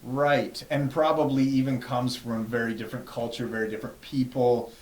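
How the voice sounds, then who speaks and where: A man hosting a casual radio chat, relaxed and wry, often restarting his sentences as he thinks. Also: mid-range voice, normal speed. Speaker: radio host. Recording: echoey room.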